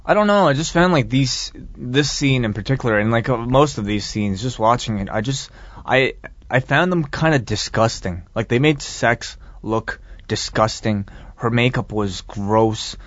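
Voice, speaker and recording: A man's voice: mid-range voice, normal speed, fairly bright tone, dry recording, lo-fi sound. A man co-hosting a casual chat, recapping a film scene in a rambling, exasperated way. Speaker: podcast co-host reviewing a film.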